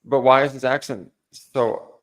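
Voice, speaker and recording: Man hosting a stream debate, talks in loose rambling starts and stops, mid-pitched. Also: fairly even intonation, unhurried. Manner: rambling, restarts his sentences constantly. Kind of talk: live-stream debate banter.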